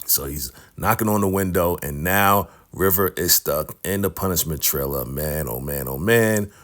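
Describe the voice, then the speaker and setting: A man's voice: sits low, normal speed. A middle-aged man casually recapping a TV episode, animatedly acting out characters' lines. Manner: animated, retells scenes by acting out quotes. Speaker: recap host.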